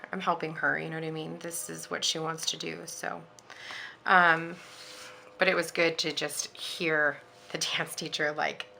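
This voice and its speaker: A woman in her thirties tells a chatty story over her planner, her voice low with a gravelly edge yet bright in tone. She rambles comfortably with fillers. The delivery is loose and conversational. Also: a little hiss or hum. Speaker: planner vlogger and parent. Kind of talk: casual chat while decorating a planner.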